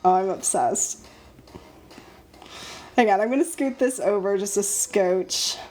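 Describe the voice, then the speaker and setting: A young woman hosting a casual live stream, chatting with viewers while she draws, bubbly and easily excited. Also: medium pitch, slow, slight background noise. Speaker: live-stream host and sticker artist.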